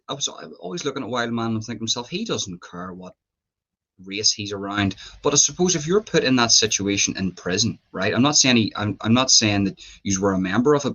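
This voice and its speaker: A man's voice: mid-range voice, pushed and bright. A man hosting an interview, rambling and thinking aloud as he builds his questions. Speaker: host.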